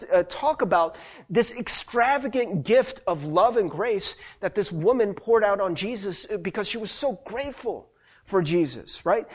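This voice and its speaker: Husky, lively-voiced pastor preaching. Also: male voice, sits high. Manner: conversational, often adds "right?" to check in with the listeners. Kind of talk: sermon.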